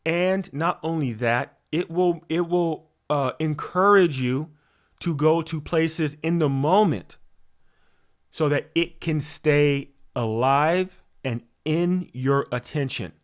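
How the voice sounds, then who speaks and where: A man working as a spiritual coach gives a preachy motivational talk, his voice on the high side and his delivery slow. He fills it with rhetorical questions, restarting and repeating words as he goes.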